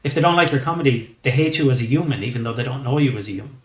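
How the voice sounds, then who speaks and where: A man's voice: medium pitch, very fast, roomy sound. Swearing Irish man telling stories. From Ireland. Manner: animated, swears freely, rambling storytelling. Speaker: podcast guest, comedian. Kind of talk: casual chat.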